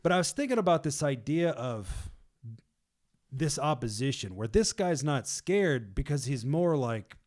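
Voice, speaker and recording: A young man leading a casual Bible discussion, retelling the story with animated voices and laughs. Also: mid-range voice, unhurried. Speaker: Bible study leader.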